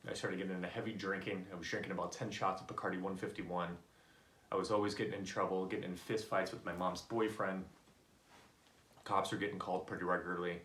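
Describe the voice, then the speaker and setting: A man's voice: low-pitched, echoey room. A man giving a personal motivational talk, earnest and candid, telling stories from his own life. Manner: earnest storytelling, animated when voicing others. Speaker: motivational speaker.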